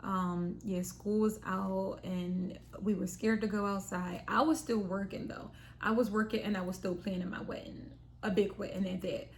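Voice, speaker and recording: A young woman recounts a personal story straight to camera in a loose, chatty way. She slips into little performed quotes of herself and her family, which keeps her delivery lively. A faint hiss sits under the recording. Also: mid-range voice, moderate pace, hardly any pauses. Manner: animated, acts out quotes of herself and her sister. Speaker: vlogger.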